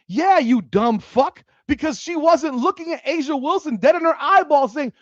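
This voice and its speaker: This is a sports commentary host in full rant mode, swearing freely and getting worked up. The voice swings widely in pitch. The audio is dull, lo-fi and dry. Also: normal speed, few pauses, no echo. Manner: profane, heated and animated. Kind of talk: ranting livestream commentary.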